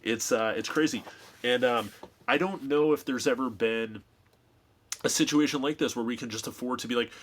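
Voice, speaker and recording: A man's voice: medium pitch, moderate pace. A man, a guest on a podcast, talking in a loose, rambling way full of "like" and restarts. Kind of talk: casual podcast chat.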